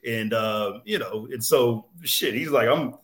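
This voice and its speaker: A man's voice: medium pitch, unhurried, reverberant. A man co-hosting a casual show recap, ranting profanely and laughing as he talks. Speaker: podcast co-host.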